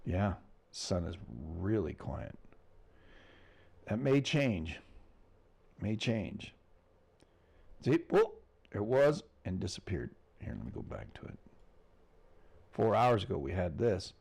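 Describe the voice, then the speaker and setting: American guy doing a laid-back space weather show, low gravelly voice that swings up and down a lot. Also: sing-song, slow pace, pauses often, darkish tone. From United States. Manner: loose, rambling, chuckles between remarks. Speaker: host of a space weather report. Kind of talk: casual livestream commentary.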